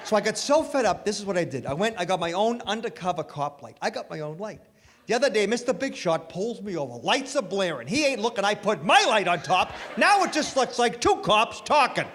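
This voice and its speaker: Animated man doing stand-up on stage. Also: high voice, brisk, a crowd in the background. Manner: animated storytelling, punchy delivery. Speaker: stand-up comedian. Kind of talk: stand-up comedy set. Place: comedy stage before an audience. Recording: live hall with reverb, faint noise.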